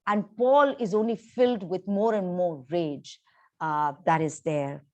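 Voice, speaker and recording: A woman's voice: on the low side, a little slow, warm tone, dull audio. A woman casually retelling a novel's plot in a conversational way, full of fillers like "um" and "you know". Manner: conversational, with frequent fillers and restarts. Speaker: book reviewer.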